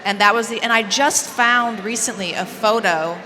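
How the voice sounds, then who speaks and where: A woman from Idaho on a convention panel, telling anecdotes in a relaxed, halting way. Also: a little high. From Idaho, USA. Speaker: panel guest. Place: large convention hall. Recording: echoey hall with background noise.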